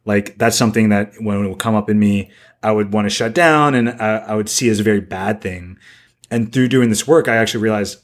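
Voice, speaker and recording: Rambling man with a low voice. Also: brisk. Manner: rambling, heavy use of "like" fillers. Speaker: podcast co-host. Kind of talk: casual podcast chat.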